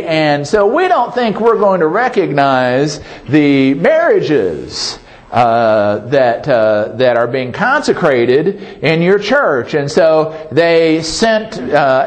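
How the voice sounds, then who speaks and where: Lively, slow-preaching male pastor. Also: on the high side. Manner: folksy, asks the congregation "Amen?"; self-deprecating humor. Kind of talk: sermon.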